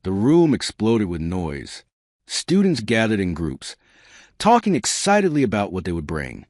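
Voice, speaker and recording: A man narrating a science fiction story with steady, scripted delivery. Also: lowish voice, a little slow, no echo, studio quality.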